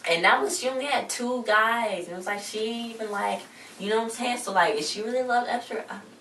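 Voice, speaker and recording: A woman's voice: on the high side, quick pace, fairly bright tone, a little hiss or hum. A young woman chatting casually as a vlogger, recapping a TV episode in a rambling, slangy way and quoting the characters as she goes. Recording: echoey room, mic at a distance.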